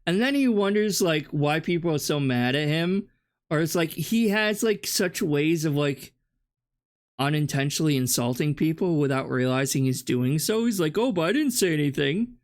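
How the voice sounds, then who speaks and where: A man's voice: on the high side, expressive, moderate pace. A man hosting a reaction video, talking back at a clip with mocking, combative sarcasm and plenty of swearing. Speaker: reaction channel host.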